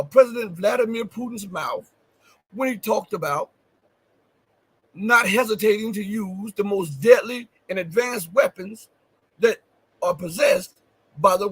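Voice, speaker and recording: A man hosting a livestream, talking in a high and rather husky voice. He leans hard on key phrases, repeating them for weight, and throws questions straight at his viewers. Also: unhurried, a bit bright, no echo, poor audio. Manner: addresses viewers directly with questions. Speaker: show host. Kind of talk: livestream commentary.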